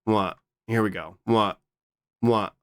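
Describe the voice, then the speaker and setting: A man chatting casually on a live stream, reading and answering his chat with quick, repeated "what?" interjections. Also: on the low side, steady tone, a bit bright.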